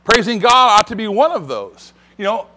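A male pastor delivering a Sunday sermon in a church. His voice is high and bright, and his pitch swings widely as he builds to emphatic lines. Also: moderate pace, a little hiss or hum. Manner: animated preaching, rising to emphatic declarations.

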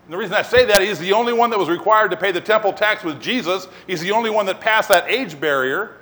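A man preaching a sermon as pastor, telling the story in an animated way and acting out scenes. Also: high voice, quick pace.

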